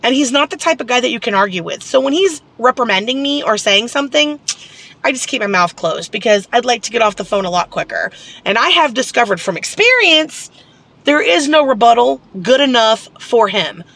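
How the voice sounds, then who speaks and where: A woman's voice: on the high side, lively intonation, a little fast, vocal fry, a bit bright. A woman telling a personal story in a casual, candid vlog, rambling and venting with lots of fillers. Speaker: vlogger.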